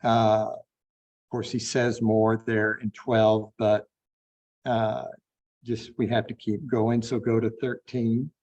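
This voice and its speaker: A man teaching a Bible class, unhurried and thinking aloud with frequent fillers. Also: lowish voice, flat delivery, darkish tone, highs cut off. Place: online classroom.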